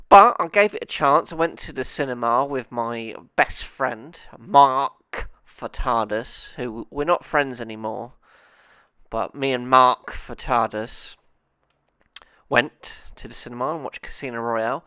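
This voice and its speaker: A man with a bright, smooth, crisp voice hosts his own movie review show. He rambles on in a naive, self-interrupting comic monologue. The recording is dry and close. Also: mid-range voice, a little slow, dry recording.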